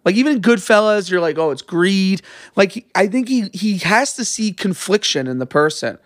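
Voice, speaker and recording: Animated young man, rambling casual chat. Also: sits high, fairly quick, no room sound, studio quality. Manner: animated, rambling, swears freely. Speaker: podcast co-host.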